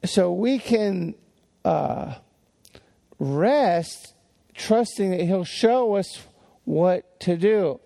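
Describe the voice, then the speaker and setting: Gravelly, mellow-voiced older preacher. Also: male voice, high voice, animated, extremely slow, long pauses. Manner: folksy storytelling with many restarts and fillers. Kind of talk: sermon-style teaching.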